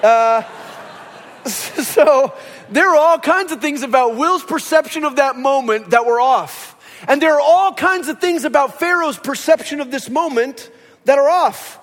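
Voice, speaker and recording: A man's voice: extremely high pitch, a little slow. A man in his thirties or forties preaching a sermon as pastor, telling stories and acting out the voices in them. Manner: animated storytelling, acts out quoted voices. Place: church sanctuary. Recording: long reverb of a large hall.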